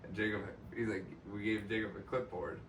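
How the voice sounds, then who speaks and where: A man's voice: lowish voice, fairly even intonation, fairly quick, a bit bright. A young man co-hosting a podcast, rambling through work memories with lots of fillers in casual chat. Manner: loose rambling storyteller, many fillers. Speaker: podcast co-host. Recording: echoey room, distant mic, faint noise.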